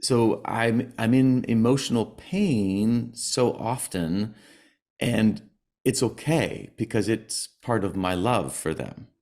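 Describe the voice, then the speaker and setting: Man, middle-aged, podcast guest, low pitch, conversational, halting with restarts, soft laughs. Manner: halting, frequent restarts, laughs between words. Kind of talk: conversational interview.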